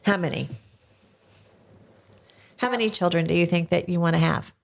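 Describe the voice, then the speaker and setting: An older woman hosting a podcast, chatting with a child and coaxing him along with slow, gentle questions. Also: fairly low pitch, vocal fry. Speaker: podcast host interviewing her grandson. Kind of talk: casual interview chat. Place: small home podcast studio.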